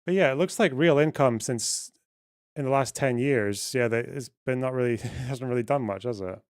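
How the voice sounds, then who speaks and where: A man's voice: mid-range voice, normal speed, no room sound, studio quality. Sweary streamer in his thirties. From Britain. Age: 30s. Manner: blunt, sweary and offhand. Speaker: livestream host. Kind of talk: casual live-stream chat.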